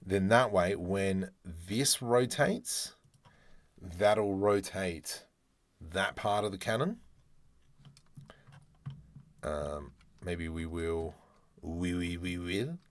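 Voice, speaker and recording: Speaking very slowly in a low voice, with many pauses, an Australian man from Adelaide narrates his live-streamed 3D modeling session. He's chatty and jokey, often talking to himself as he works.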